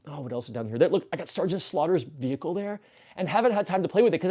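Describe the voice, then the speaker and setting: A man's voice: fairly high pitch, lively intonation, fast, mellow. A man hosting a casual livestream from a toy-filled room, rambling goofily and reading the chat aloud. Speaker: livestream host.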